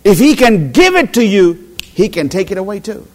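A middle-aged man with a high-sitting voice preaches a sermon at normal speed. He tells stories in an animated way, acting out the quotes.

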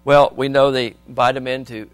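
A man preaching a sermon, reading scripture aloud and asking the congregation questions, swinging between soft and loud. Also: medium pitch, level tone, moderate pace, clear, resonant tone, faint music behind.

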